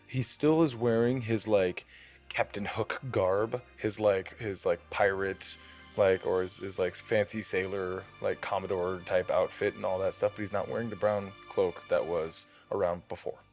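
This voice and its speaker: A man narrating as dungeon master for a tabletop game, loose and halting, with many fillers and restarts. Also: low-pitched, steady tone, darkish tone, soft background music.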